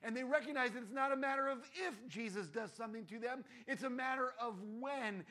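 Bright-voiced, chatty male preacher. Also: very high voice, brisk, hardly any pauses. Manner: conversational, animated, asks "right?" often. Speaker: pastor. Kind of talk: sermon.

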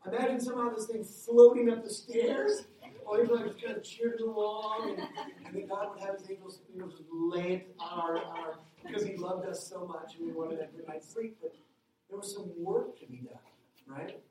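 A middle-aged man, a pastor, preaching a sermon with a lively personal story, his voice climbing when he gets excited. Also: brisk, distant mic. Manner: animated storytelling, jumps higher when excited. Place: church hall. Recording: echoey hall, heard from afar.

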